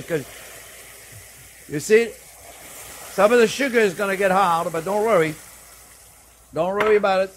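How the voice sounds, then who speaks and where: Male chef, raised pitch, chatty jokey cooking demo, kitchen, light pan sizzle behind. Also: slight background noise. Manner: chatty and jokey, keeps calling the viewers "friends". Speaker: cooking show host, chef. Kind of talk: cooking demonstration. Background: faint sizzling pan.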